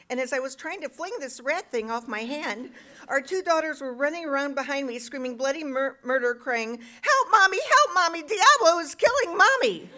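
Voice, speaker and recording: A woman's voice: sits high, a bit bright. A middle-aged woman reading her own comic personal essay aloud at a live show, self-mocking with punchy timing.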